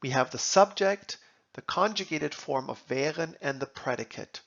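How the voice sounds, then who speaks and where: A man teaching German grammar, reading example sentences and translating them in a slow, deliberate lesson. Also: a little high, creaky, a bit bright, lo-fi sound.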